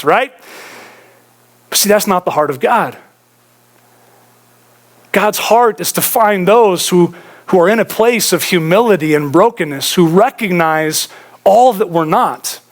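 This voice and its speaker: A high-sitting male voice, animated but unhurried, with long pauses. He's a pastor preaching in church, chatting casually with the congregation, telling stories conversationally and calling the audience "guys."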